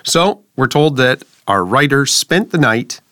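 A man's voice: mid-range voice, lively intonation, unhurried, bright, forceful tone, no echo, studio quality. A man hosting a conversational English lesson, asking questions and carefully explaining the meaning of words from a text. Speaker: English lesson podcast host.

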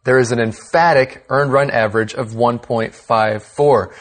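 A man with a middle-pitched voice co-hosts a scripted English lesson. He walks through phrases in an upbeat, plain-spoken way. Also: fairly even intonation, a little slow. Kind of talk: scripted language lesson chat.

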